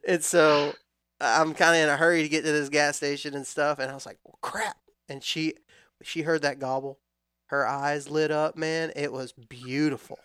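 A man in his thirties telling a long hunting story in a relaxed, rambling way with frequent restarts. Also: on the high side, normal speed, clean tone, dry recording, studio quality. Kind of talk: casual storytelling chat.

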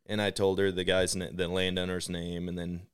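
A man hosting a podcast and telling a story in a casual, animated way, full of "like" fillers. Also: deep voice, moderate pace, smooth. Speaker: podcast host.

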